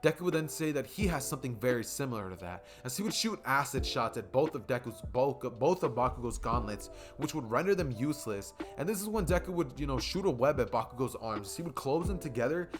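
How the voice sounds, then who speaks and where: A man's voice: medium pitch, lively intonation, brisk, hardly any pauses, soft background music. Casual young man narrating a story. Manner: casual and rambling, many fillers. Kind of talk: improvised fan story narration.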